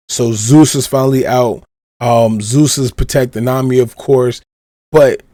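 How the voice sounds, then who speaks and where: A man hosting a podcast, giving an animated, casual retelling and leaning on the same stock phrases. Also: medium pitch, no room sound, clean studio sound. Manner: animated retelling, leans on "of course". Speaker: podcast host. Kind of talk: casual recap of a manga chapter.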